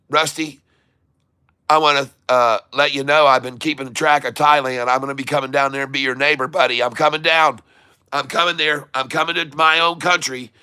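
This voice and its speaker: A man from Michigan hosting a casual live stream, excitedly reading out viewer shout-outs. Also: a little high, smooth, no room sound. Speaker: livestream host. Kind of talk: casual livestream chat.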